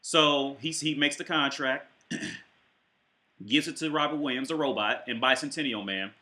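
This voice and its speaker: A man's voice: medium pitch, moderate pace, pushed and bright. A man hosting his channel, reacting to a clip with a heated, rambling, profane rant full of restarts.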